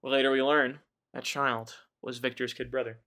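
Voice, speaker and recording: A man talking casually with friends, mid-pitched and easygoing, who retells a book in a profane, joking way. He keeps breaking into loud, mocking voices for the characters. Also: level tone, normal speed. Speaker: podcast host. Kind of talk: casual chat.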